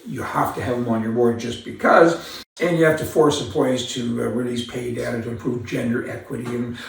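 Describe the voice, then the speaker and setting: A man's voice: medium pitch, fairly even intonation, brisk, creaky, slight background noise. A man hosting an opinion commentary monologue, talking in a rambling, indignant, folksy way. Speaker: commentary host. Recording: very echoey room, far from mic.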